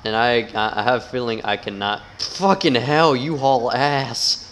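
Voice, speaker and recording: A man's voice: medium pitch, fairly even intonation, a little slow, fairly bright tone, a little hiss or hum, poor audio. Sarcastic swearing gamer guy. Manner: sarcastic, profane, reads game text aloud. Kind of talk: casual gameplay commentary.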